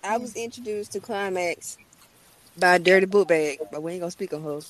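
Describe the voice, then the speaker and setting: A woman's voice: fairly low pitch, fairly quick, a crowd in the background, rough recording. Slangy woman joking over a phone. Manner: slangy, joking, throws light shade. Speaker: guest giving a tribute. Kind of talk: casual livestream chat.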